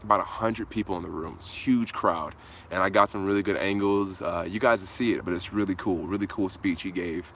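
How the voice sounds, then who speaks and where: A man's voice: low-pitched, brisk, fairly bright tone, slight background noise. A man hosting a casual live Q&A outdoors, talking in a laid-back, slangy way into a hand-held phone. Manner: laid-back slangy talk, answers viewer comments. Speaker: host.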